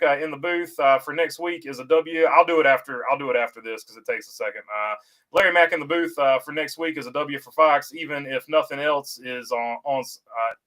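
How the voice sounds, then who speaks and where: A man's voice: fairly high pitch, fairly bright tone, rough recording. Easygoing man hosting a chat stream. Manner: halting, frequent "uh" fillers and restarts; easygoing, reassuring to viewers. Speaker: host reading viewer comments. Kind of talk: casual livestream chat about racing.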